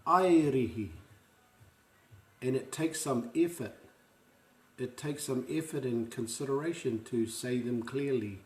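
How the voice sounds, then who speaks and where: Slow, patient man with a New Zealand accent. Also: mid-range voice, a little mellow, echoey room. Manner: patient, repeats each word slowly for learners. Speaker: language teacher. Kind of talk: online pronunciation lesson.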